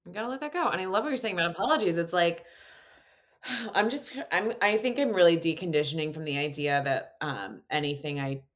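A woman with a low voice talks in a relaxed, unscripted chat. She affirms what her partner says and brightens into animated storytelling, laughing easily as she goes. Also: brisk. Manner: warm affirming listener, animated when telling stories, laughs easily. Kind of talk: casual chat.

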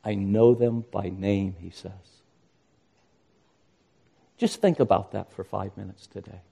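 A man's voice: lowish voice, fairly even intonation, unhurried, vocal fry, mellow, slightly rough. An older man preaching a sermon as pastor, earnest and rising to impassioned emphasis.

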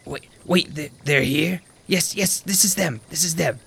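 A man's voice: fairly high pitch, a little slow, gravelly, fairly bright tone, slightly rough, pitched above the performer's own voice, exaggerated voice. A man doing a stammering frantic old man. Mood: excited. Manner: stammering, repeating himself.

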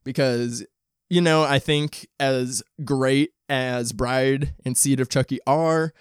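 A man hosting a casual solo podcast, talking in a rambling, candid, profane way with many restarts. His throat is dry and rough today. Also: medium pitch, fairly even intonation, takes it slowly, no room sound. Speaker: podcast host.

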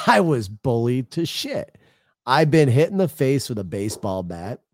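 A man's voice: medium pitch, big pitch swings, a little slow, dry recording, clean studio sound. A middle-aged man, co-hosting a casual podcast chat, rambling loosely with swearing. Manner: loose, rambling storytelling with frequent laughs and swearing. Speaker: podcast co-host.

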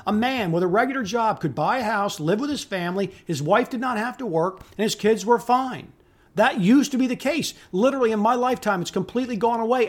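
A middle-aged man with a notably high-pitched voice delivers a solo podcast monologue. He rants with open contempt, swearing often and hammering his points through repetition. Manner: angry, contemptuous ranting with profanity; emphatic repetition. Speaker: podcast host.

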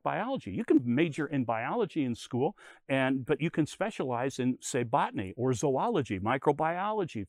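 A man's voice: fairly high pitch, darkish tone, no room sound. An older man giving a conversational Bible lesson, telling stories and explaining with everyday comparisons. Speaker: Bible teacher.

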